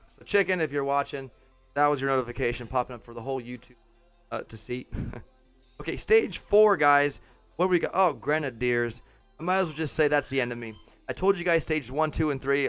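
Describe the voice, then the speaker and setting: A man's voice: fairly high pitch, fairly bright tone, no echo. Chatty man streaming a mobile game. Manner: chatty, chuckling, talks to chat. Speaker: game livestreamer. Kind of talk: casual live game commentary. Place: home setup with green screen.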